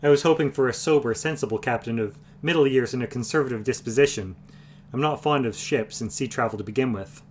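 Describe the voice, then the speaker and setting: A man's voice: medium pitch, fast, a little hiss or hum, close to an everyday voice. A man voicing a wry, sly travelling companion in a fantasy book reading.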